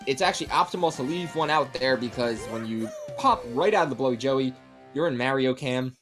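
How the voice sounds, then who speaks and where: A man giving casual live commentary on a speedrun race, quick and chatty with plenty of fillers. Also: mid-range voice, expressive, over music.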